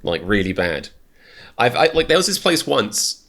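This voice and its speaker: A man's voice: medium pitch, very animated, normal speed, fairly bright tone. A British man hosting a reaction video, rambling through self-mocking rants with many restarts. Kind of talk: casual reaction commentary.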